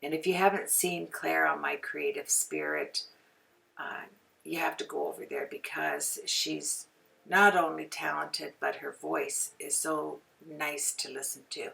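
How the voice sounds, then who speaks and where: A chatty woman from Canada demonstrates card-making, talking in a casual ramble that drifts onto side topics. Her voice is low-pitched, heavily gravelly and bright-edged. She sounds a little away from the mic. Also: sing-song, a little slow, far from the mic. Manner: chatty, rambling, goes off on tangents. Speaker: card-making tutorial host.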